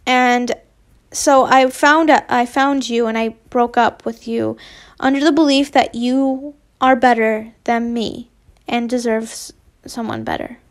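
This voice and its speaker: A woman voicing a tender, regretful young man who speaks softly. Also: fairly high pitch, steady tone, a little slow. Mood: confessing. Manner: soft, tender. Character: gentle, regretful young man, soothing his love.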